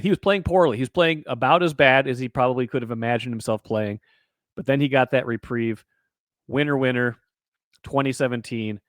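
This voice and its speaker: A man hosting a sports podcast who recaps a football game in a casual, animated way and asks lots of rhetorical questions. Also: medium pitch, no room sound, studio quality. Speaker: podcast host.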